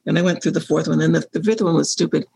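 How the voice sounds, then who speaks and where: A woman's voice: low voice, fairly even intonation, quick pace, vocal fry, darkish tone, breathy edge. A woman in her sixties, a guest telling personal stories candidly and acting out remembered dialogue. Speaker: interview guest. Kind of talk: personal storytelling in conversation.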